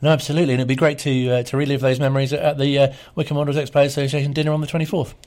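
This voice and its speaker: A man's voice: mid-range voice, little pitch movement, rapid-fire, a little mellow. A man hosting a local radio sports show, hesitant with many uhs.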